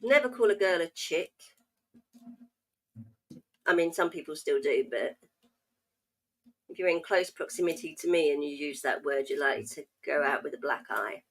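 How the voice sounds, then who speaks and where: A woman's voice: low voice, lively intonation, normal speed, long pauses. An Englishwoman hosting a livestream, chatting casually and teasing playfully with slang. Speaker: livestream host.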